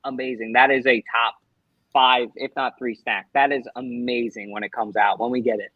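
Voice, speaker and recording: A man's voice: medium pitch, steady tone, moderate pace, dry recording, phone-quality sound. A man hosting a casual sports podcast, upbeat and easygoing, laughing along with his friends. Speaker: podcast host. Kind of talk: casual chat.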